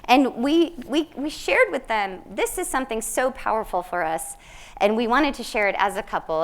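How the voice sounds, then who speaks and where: Earnest woman giving a heartfelt lecture. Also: fairly high pitch. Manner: earnest, reflective, often checks in with the audience. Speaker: nursing lecturer. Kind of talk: public lecture to a live audience. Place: large lecture hall.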